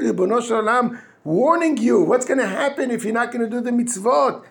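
Animated, gravelly rabbi. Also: male voice, very high-pitched. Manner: animated, acts out quoted speakers in raised voices; halting restarts while searching for English words. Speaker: rabbi teaching at a yeshiva. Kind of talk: weekly Torah talk.

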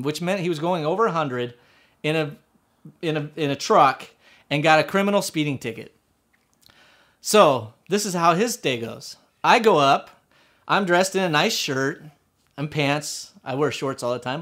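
A man tells a personal story in a loose, casual way, with a slightly high-pitched voice. His speech rambles and is full of fillers and restarts. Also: a bit bright. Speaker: motorcycle rider telling a personal story.

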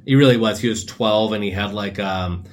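A man's voice: lowish voice, moderate pace. A young man hosting a casual solo podcast, rambling through laid-back stories full of slang and asides. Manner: often drops into silly put-on voices for quotes. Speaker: podcast host.

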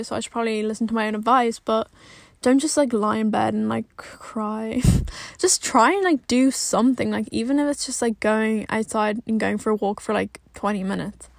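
Young woman, sitting in her car, blunt, swears a lot, says "like" constantly, slightly high voice, dry close sound. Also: gravelly, no echo. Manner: blunt and exasperated, swears a lot, fills every pause with "like". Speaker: vlogger. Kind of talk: casual rant to camera.

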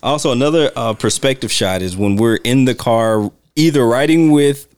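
A podcast co-host chats casually about a movie in a laid-back way, laughing often and acting out quotes from scenes. His mid-range voice is smooth and a little mellow, at normal speed, in clean studio quality with no room sound.

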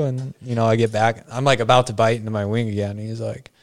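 A young man from Arizona tells a story in easygoing chat. He slips into quoted voices and laughs along with his own tale. His pitch sits in the ordinary middle range. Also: fast talker, few pauses. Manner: animated anecdote with quoted voices and frequent laughs. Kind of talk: casual chat.

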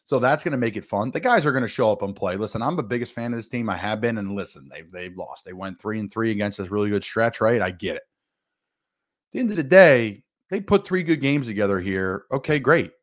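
A man who once played pro football, talking as a guest on a sports radio show and stressing his points with big jumps in pitch. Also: lively intonation, fairly quick. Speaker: guest, former NFL player. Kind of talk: casual sports radio talk.

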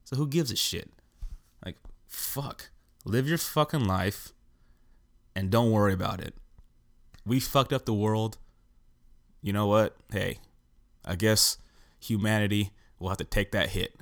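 A man's voice: lowish voice, a little slow, long pauses. A young man hosting a podcast, ranting bluntly in a casual, profane way. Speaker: podcast host. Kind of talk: casual rant.

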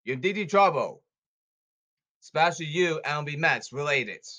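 Man ranting, bright tense voice. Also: fairly high pitch, expressive, normal speed. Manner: repetitive, emphatic, angry outbursts. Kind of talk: ranting monologue.

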